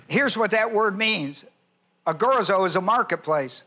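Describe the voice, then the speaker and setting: A man preaching a sermon, citing scripture references and slowly repeating key phrases for emphasis. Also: sits high, animated, bright, forceful tone. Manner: spells out words and cites scripture references in a teaching tone. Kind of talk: sermon teaching.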